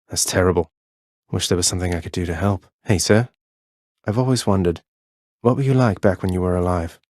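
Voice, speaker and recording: A man's voice: low voice, a little mellow, dry recording, studio quality, lightly acted. A man voicing an earnest, friendly young prince of the underworld in game dialogue, speaking with sincere sympathy. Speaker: video game character.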